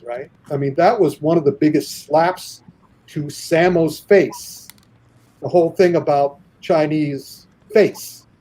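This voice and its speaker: Husky, animated male storyteller. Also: fairly high pitch, rough recording. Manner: animated storyteller, acts out quoted voices. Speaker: guest storyteller. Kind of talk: casual podcast anecdote.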